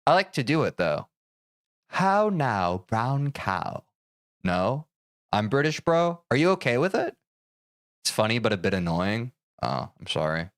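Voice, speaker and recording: Animated, jokey male streamer. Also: medium pitch, normal speed, no room sound, clean studio sound. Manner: animated, jokey and self-deprecating, reacting to chat. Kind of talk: casual live-stream chat.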